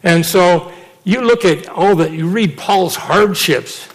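A man's voice: high-pitched, slow. A middle-aged man preaching a sermon, telling a personal testimony and acting out the people he quotes. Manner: animated storytelling, acts out quotes.

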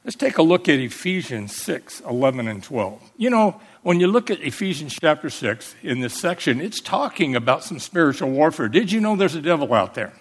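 A man preaching from the pulpit in a fairly high voice. He talks emphatically, calling for amens and slowing down to spell out old words. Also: big pitch swings. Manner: emphatic preaching, calls for amens, explains Greek words slowly. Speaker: pastor. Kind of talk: sermon.

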